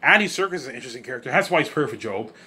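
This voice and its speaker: A man talking casually and excitably in a rambling monologue, swearing freely and often stumbling and restarting his words. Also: mid-range voice, rapid-fire. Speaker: vlogger.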